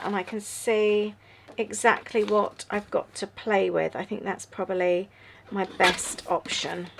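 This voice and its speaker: A woman in her thirties hosting a relaxed journaling vlog, chatting and musing aloud while she works. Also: mid-range voice, a little hiss or hum. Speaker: journaling channel host. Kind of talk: casual crafting chat.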